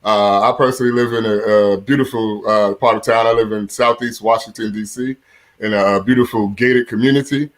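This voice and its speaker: A middle-aged male stand-up comedian, seated in a room at home, performs a set in a deep voice often compared to Mufasa. He speaks fairly quickly in a steady tone, chuckling at his own punchlines and using many "uh" fillers.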